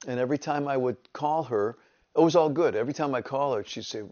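Speaking fast at a medium pitch, a pastor from upstate New York in his 70s shares his testimony like a story. He brings it to life by voicing the people in it. The sound quality is lo-fi.

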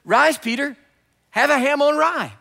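A preacher voicing a commanding divine voice. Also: male voice, very high-pitched, measured pace, vocal fry, pushed and bright, pitched above the performer's own voice, exaggerated voice. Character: commanding divine male voice, patient.

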